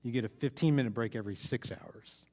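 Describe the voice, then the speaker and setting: A man's voice: medium pitch, a little fast, darkish tone. A man giving a casual youth sermon in a loose, rambling way, full of "like" and "uh". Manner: loose, rambling, lots of "like" and "uh", chuckles. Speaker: youth pastor. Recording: long hall reverb.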